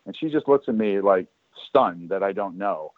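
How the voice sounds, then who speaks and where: A man's voice: low voice, normal speed, dry recording. A man telling stories from his career in a casual chat, acting out the lines of the people in them. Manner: animated storyteller who acts out other people's lines. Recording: tinny phone-like line, dry.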